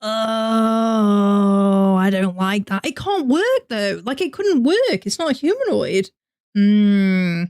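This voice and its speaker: A woman's voice: mid-range voice, sing-song, takes it slowly, a little mellow, clear, resonant tone. A young woman with a northern English accent, chatting animatedly on a live reaction stream and answering her chat. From north of England. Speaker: VTuber streamer.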